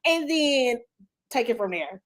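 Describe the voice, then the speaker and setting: A woman hosts a live talk show with a casual, enthusiastic manner. Her voice sits a little high, and she keeps cheering her guest on as she sets up each question. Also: big pitch swings, a little slow, a bit bright. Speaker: host. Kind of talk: casual interview chat.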